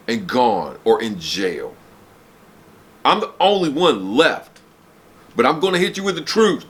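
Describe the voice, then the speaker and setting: Forceful ranting man in his forties. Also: mid-range voice. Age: 40s. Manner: heated, profane, preachy, breaks off to apologize. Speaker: vlogger. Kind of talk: blunt unscripted rant to camera. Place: home, downstairs room.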